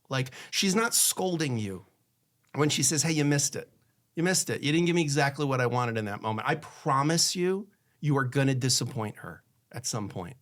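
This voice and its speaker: Speaking on the high side, a male divorce lawyer gives candid, conversational advice about marriage. He acts out what each spouse says and turns quiet and hushed when recounting something personal.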